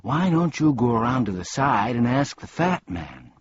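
A man's voice: mid-range voice, very animated, normal speed, muffled recording, slight background noise, voice pushed up, lightly acted. A man playing a pompous, scatterbrained ordinary man. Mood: polite, proud.

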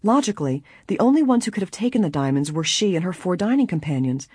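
An audiobook reader narrating a mystery story in a measured way, with a breathy voice. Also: mid-range voice, very animated, darkish tone, no echo, studio quality. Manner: measured storytelling, voicing each character. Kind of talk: scripted narration.

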